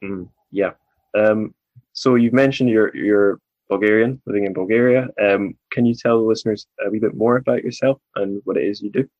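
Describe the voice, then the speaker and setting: A man's voice: fairly low pitch, fairly even intonation, moderate pace, dry recording. A man hosting a podcast, interviewing a guest in a friendly, joking way. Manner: friendly, joking, stumbles over names. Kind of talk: casual interview chat. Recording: dry, dull lo-fi remote recording.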